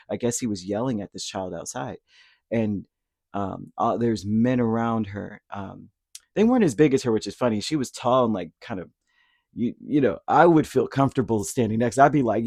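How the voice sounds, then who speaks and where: A man's voice: medium pitch, moderate pace, a little mellow, dry recording, clean studio sound. A man giving a casual, rambling tarot reading, talking conversationally with lots of fillers and asides. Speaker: tarot reader.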